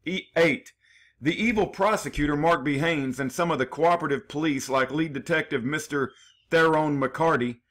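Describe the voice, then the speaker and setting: A man's voice: on the high side, moderate pace, a bit bright. Aggrieved man reading a numbered statement. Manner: earnest, aggrieved, with small restarts. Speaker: defendant telling his case.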